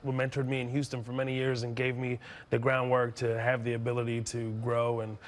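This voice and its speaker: A man's voice: medium pitch, monotone, fairly quick. A man being interviewed as a guest comedian on a talk show, joking animatedly and laughing often. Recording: live TV studio with audience. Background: studio audience laughter.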